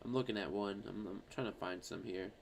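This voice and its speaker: A man streaming, chatting casually and reading out viewer comments in an animated, rambling, profane way. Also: lowish voice, a little fast, gravelly, a little hiss or hum.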